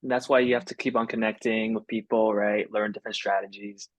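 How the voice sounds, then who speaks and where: A man's voice: lowish voice, steady tone, a little fast, no echo. A man hosting a casual interview on a video call, talking in an encouraging, agreeable way. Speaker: host.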